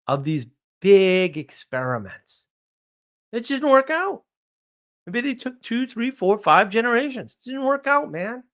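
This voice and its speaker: A man hosting a live stream monologue, blunt and ranting, asking rhetorical questions and answering them himself. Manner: blunt, ranting, animated pitch swings.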